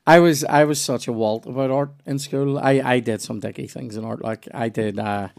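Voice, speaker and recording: A man's voice: mid-range voice, normal speed, vocal fry, a little mellow. A Northern Irish man telling loose, rambling stories in casual podcast chat, with restarts and swearing.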